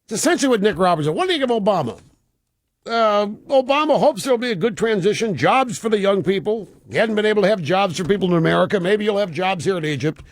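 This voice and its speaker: A man's voice: sits high, lively intonation, fast talker, hardly any pauses, no echo. A man hosting a talk radio show, mocking news clips with sarcasm and mimicry. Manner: sarcastic, mimics stammering speech.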